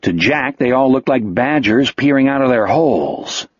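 Husky, lively male audiobook narrator. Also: mid-range voice, moderate pace, no echo. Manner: expressive, vivid storytelling. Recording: dull lo-fi dry recording.

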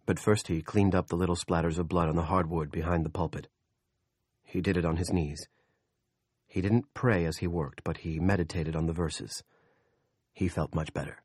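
A man narrating an audiobook in a steady, measured storytelling voice. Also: deep voice, no room sound, studio quality. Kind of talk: scripted narration.

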